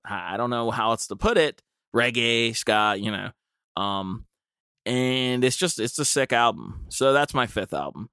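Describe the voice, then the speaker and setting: A man's voice: medium pitch, gravelly, a bit bright, no echo, studio quality. A young man hosting a casual podcast, rambling along with plenty of fillers and restarts. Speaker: podcast host.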